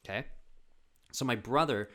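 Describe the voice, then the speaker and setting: A man's voice: mid-range voice, normal speed, a bit bright. A man hosting his own podcast, telling a funny family story in a rambling casual way, swearing and saying "like" a lot. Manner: rambling, swears, says "like" often. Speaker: podcast host.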